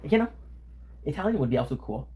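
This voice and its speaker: A man's voice: on the high side, sing-song, quick pace, dark tone, slight background noise. A man streaming from his home kitchen, chatting casually with viewers in a playful, teasing, joking way. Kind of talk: casual live-stream chat.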